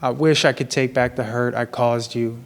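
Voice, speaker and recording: A man speaks in an earnest, apologetic way, slow and measured, as he reflects on his own mistakes. His voice sits in a middle pitch. He is recording in a gym. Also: steady tone. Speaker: vlogger sharing personal confessions. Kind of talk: reflective personal monologue.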